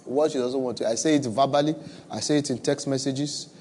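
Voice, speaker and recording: A man's voice: medium pitch, steady tone, brisk, a little mellow, a little hiss or hum. A man with a West African accent preaching a sermon to a church audience, conversational and humorous, repeating his phrases for emphasis. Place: church with live and online audience.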